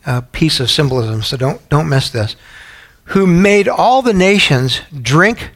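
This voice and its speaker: A man's voice: on the high side, fairly bright tone. A man teaching a Bible study in a sermon style, often putting questions to his listeners. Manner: asks the audience questions often.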